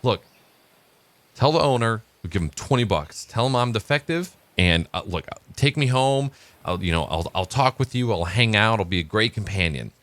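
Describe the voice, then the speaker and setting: A man's voice: on the low side, animated, normal speed, a bit bright, no room sound, voice pushed up. Man doing a chatty, stammering pet-shop parrot, sheepish. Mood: pleading. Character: embarrassed talkative male parrot, sheepish.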